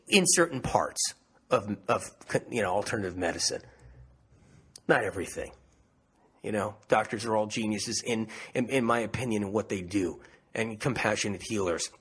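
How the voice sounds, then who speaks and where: A man with a husky, mid-range voice and a fairly bright tone presents a health webinar with real passion. He speaks emphatically, almost pleading, and keeps repeating himself to drive his points home.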